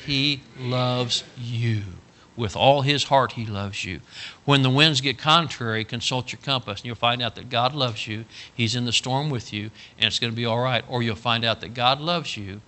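Man, preacher, folksy storytelling sermon, earnest, very bright tone. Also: mid-range voice, fairly even intonation, normal speed. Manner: folksy storytelling, earnest, swings between hushed and loud.

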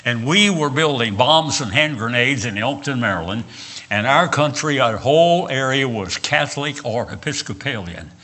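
Older male preacher, West Virginian Southern accent, sharp bright voice, folksy storytelling sermon. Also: mid-range voice, lively intonation, normal speed. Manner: folksy storytelling with frequent uh and repeated words. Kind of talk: sermon with personal stories.

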